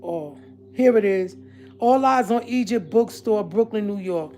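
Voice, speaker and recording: A woman's voice: mid-range voice, a little slow, dark tone, faint music behind. A woman speaking straight to her online audience in a casual, confrontational rant. She is emphatic and keeps repeating her points. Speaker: online commentator addressing viewers. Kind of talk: casual direct-to-camera rant.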